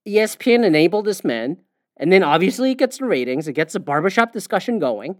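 A man's voice: high-pitched, big pitch swings, fast, dry recording, clean studio sound. A man hosting a podcast, ranting casually about sports media, swearing often and filling gaps with "uh" and "you know". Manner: profane, ranting, with frequent fillers. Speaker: podcast host.

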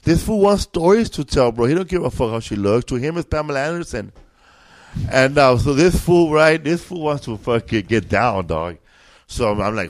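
A man's voice: medium pitch, animated, normal speed. A man, a comedian guest, telling a rambling, profane story with bursts of laughter in a casual chat.

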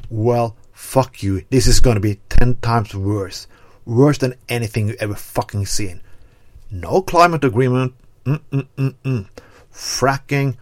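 A man's voice: mid-range voice, dry recording. A man, host of a political commentary show, delivering a heated, profane rant that hammers words over and over. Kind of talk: angry political rant to camera.

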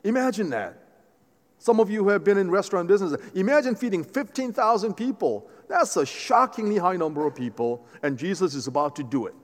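A man preaching a sermon as pastor, animated and conversational, often restarting his phrases. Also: high voice, brisk. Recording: long hall reverb.

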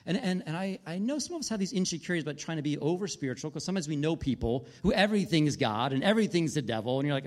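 A man's voice: on the high side, darkish tone. A man, a pastor in his thirties with a wife and kids, preaching a sermon in a conversational storytelling way, full of restarts and asides.

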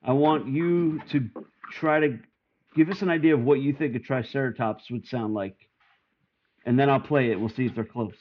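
A man's voice: mid-range voice, normal speed. A man co-hosting a podcast in casual chat, eagerly prodding others to play along. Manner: prodding, eager to set up games. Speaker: podcast co-host. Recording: dull lo-fi audio.

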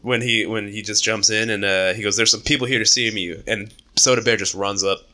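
A man with a lower voice and a very bright, forward tone, chatting casually about a book. He retells scenes with energy, jumps into the characters' lines, and laughs and swears as he goes. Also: steady tone, a little fast.

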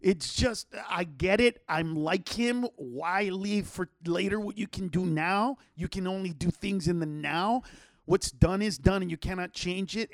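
High-voiced man telling a profane story. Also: no echo, clean studio sound. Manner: profane, animated, rambling with restarts. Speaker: comedian podcast host. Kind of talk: casual storytelling chat.

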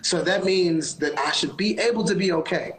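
A man's voice: high-pitched, moderate pace, a bit bright, roomy sound, a little hiss or hum, low-quality recording. A man, a gospel singer, talking as a guest on a phone live-stream interview, giving earnest, encouraging, sermon-like advice. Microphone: phone on a live video call.

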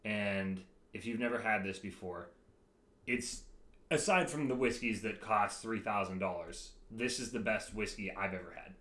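A man co-hosting a podcast in casual chat, relaxed and laughing often. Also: on the low side, moderate pace, reverberant. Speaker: podcast co-host.

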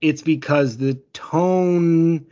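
A man's voice: fairly high pitch, fairly even intonation, drawn-out words, warm tone, dull audio. A man co-hosting a casual podcast, laid-back and dry with firm opinions. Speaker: podcast co-host.

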